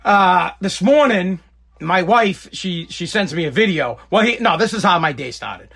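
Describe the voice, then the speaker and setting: Husky, slightly bright, and high, this man's voice is expressive, with vocal fry, at normal speed. He's a podcast host in his thirties delivering a casual rant packed with swearing and repetition.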